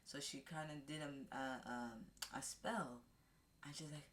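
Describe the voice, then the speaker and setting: Low-voiced woman rambling through a movie recap. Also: fairly even intonation. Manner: rambling, with halting restarts and fillers; acts out characters' lines in a raised voice. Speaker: vlogger reviewing a movie. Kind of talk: casual movie recap to camera.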